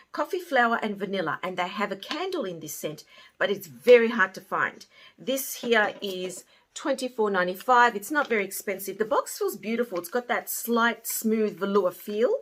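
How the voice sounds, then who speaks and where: A woman casually reviewing beauty products she bought, chatty and often trailing off softly at the ends of her thoughts. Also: mid-range voice. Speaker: beauty haul vlogger.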